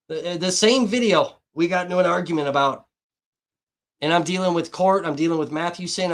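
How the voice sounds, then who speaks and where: A man hosting a livestream, ranting bluntly and abrasively with heavy swearing. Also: high-pitched. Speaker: livestream host. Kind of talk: heated livestream rant.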